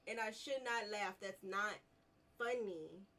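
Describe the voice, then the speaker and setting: A woman's voice: mid-range voice, slow pace, pushed and bright. A woman giving casual, chatty commentary on her gameplay, talking to herself and her viewers as she plays. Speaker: gaming vlogger. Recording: voice a little distant from the mic.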